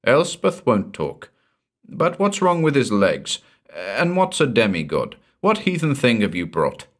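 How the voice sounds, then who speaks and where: A man's voice: medium pitch, wildly swooping pitch, measured pace, voice pushed up. A man voicing an old, devout and loyal male manservant who speaks in a grave, formal, plain way. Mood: wary.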